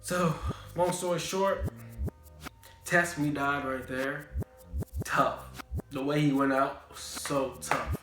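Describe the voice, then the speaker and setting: A young man recapping an anime in a casual, slangy, animated way, repeating catchphrases. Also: on the high side, takes it slowly, long pauses. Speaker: anime reviewer. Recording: roomy room, faint background music.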